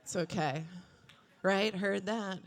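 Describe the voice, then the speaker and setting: A woman in her thirties doing a stand-up comedy set on a club stage, with deadpan asides and acted-out quotes. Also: mid-range voice, slow pace. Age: 30s.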